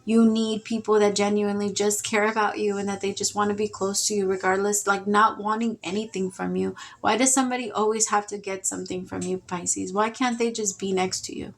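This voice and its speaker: A woman's voice: mid-range voice, level tone, a little fast, hardly any pauses. Emotional woman reading tarot. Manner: emotional, rambling, with sighs and laughs. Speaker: tarot reader. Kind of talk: casual spoken tarot reading.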